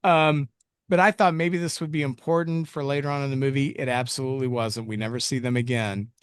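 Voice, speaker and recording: A male podcast co-host talks through a movie plot in a loose, joking manner, poking fun at himself along the way. His mid-range voice stays steady and clean, moving fairly quickly. The recording is dry with clean studio sound.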